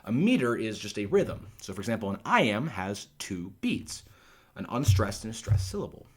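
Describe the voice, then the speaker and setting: A man's voice: fairly low pitch, sing-song, normal speed, breathy edge. A man teaching Shakespeare, going line by line and restating it in plain, conversational words, thinking aloud as he goes, recorded on his own device. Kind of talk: casual line-by-line explanation. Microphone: self-recorded on a phone or laptop.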